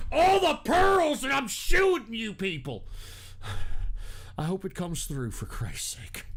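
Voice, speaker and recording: A man's voice: high-pitched, pushed and bright. A man hosting a call-in show, ranting angrily and cursing at trolls in the chat room. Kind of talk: angry profane rant.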